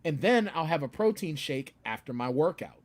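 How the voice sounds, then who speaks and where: Animated man telling stories on a video call. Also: moderate pace. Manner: animated, acts out his own outbursts in a louder, higher voice. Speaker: guest author. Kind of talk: casual chat.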